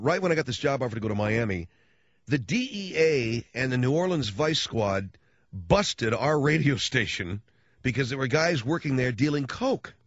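A middle-aged radio host spins rambling, slangy stories with a lively voice that swings up and down in pitch. The recording is dry and dull, like an old lo-fi broadcast. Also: male voice, no room sound. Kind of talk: casual storytelling monologue.

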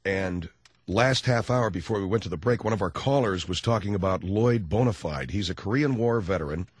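A man hosting a call-in radio talk show, joking loosely and laughing easily, hoarse from laryngitis. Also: deep voice, brisk, no echo.

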